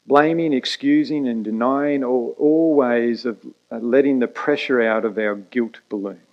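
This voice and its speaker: A man delivers a sermon at an unhurried pace. He leans hard on key phrases and lets dramatic pauses hang. The recording sounds dull and slightly lo-fi. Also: mid-range voice. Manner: emphatic preaching with dramatic pauses and quick asides. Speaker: pastor.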